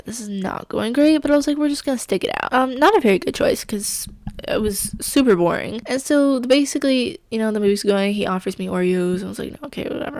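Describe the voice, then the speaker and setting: A young woman rattles through her story quickly, her voice gravelly with fry. She is chatty and full of fillers, acting out what everyone said. The sound is close and dry. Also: mid-range voice, a little mellow, no room sound. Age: young adult. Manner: chatty, lots of fillers, acts out quotes. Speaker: vlogger. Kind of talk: casual storytelling.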